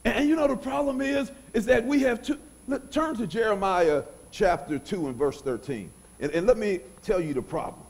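A middle-aged man preaching a sermon in a church, moving from soft passages to loud outbursts. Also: sits high, animated, moderate pace, few pauses, breathy edge. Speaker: pastor.

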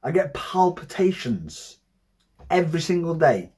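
Man, 30s, reaction host; excitable and foul-mouthed, husky and high-pitched. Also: a little slow. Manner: excitable and heavily profane. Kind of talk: casual reaction commentary.

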